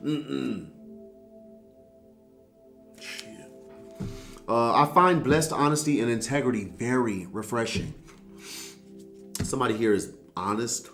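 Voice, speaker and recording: A man gives a casual tarot reading at an everyday mid-range pitch, talking straight to the viewer. He is sassy and blunt and swears freely. Faint music plays underneath. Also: unhurried, long pauses, a bit bright. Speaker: tarot reader.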